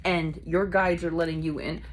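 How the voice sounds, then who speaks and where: A woman doing a casual tarot reading, chatty and blunt, swearing casually and acting out quick voices in her asides. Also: low-pitched, fairly even intonation, a little hiss or hum, low-quality recording. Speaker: tarot reader.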